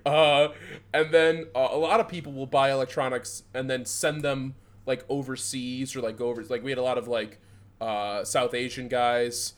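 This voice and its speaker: Speaking at normal speed with a steady, medium-pitched tone, this podcast co-host is a young man from Southeast Michigan. He chats casually, rambling, cursing, and laughing as he recounts stories from past jobs.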